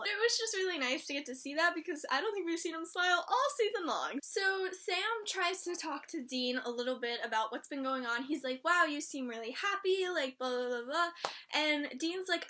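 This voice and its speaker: A young woman with a high, bright voice talks casually about an episode she adored. She gushes and gets excited, and giggles often as she talks. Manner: gushing, excitable, frequent giggles and squeals of delight. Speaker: fan reviewer of a TV show. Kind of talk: casual chatty episode discussion.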